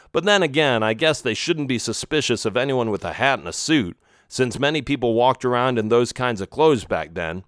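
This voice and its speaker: Expressive man reading a children's story. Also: mid-range voice, dry recording, studio quality. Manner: first-person, expressive. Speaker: audiobook narrator. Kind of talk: storybook narration.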